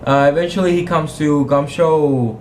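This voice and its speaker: A man's voice: fairly high pitch, moderate pace, slight background noise. A man game master casually retelling a tabletop game session, rambling and correcting himself as he goes and acting out the characters' quotes. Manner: rambling, self-correcting storyteller who acts out quotes.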